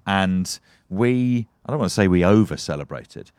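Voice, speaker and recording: Low-voiced English man, co-host, relaxed teasing storyteller, dry close sound. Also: normal speed, clear, resonant tone, dry recording. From England. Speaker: podcast co-host. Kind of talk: casual chat. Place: their home.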